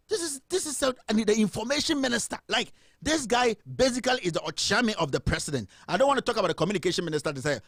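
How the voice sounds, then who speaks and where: A man's voice: sits high, lively intonation, rapid-fire, few pauses, fairly bright tone, no echo, clean studio sound. A man with a Ghanaian accent ranting in impassioned, indignant political commentary as a host.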